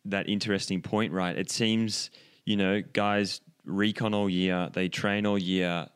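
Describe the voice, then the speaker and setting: Male co-host, very low resonant voice, easygoing race chat. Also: unhurried, clean tone. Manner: relaxed, chatty, laughs easily, fillers. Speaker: cycling podcast co-host. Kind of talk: casual race analysis chat.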